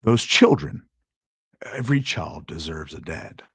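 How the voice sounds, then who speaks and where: A man's voice: a bass voice, big pitch swings, a little slow, creaky, breathy edge. A man with a Texan accent hosting a casual live-stream chat, rambling, laughing often and getting worked up. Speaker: host.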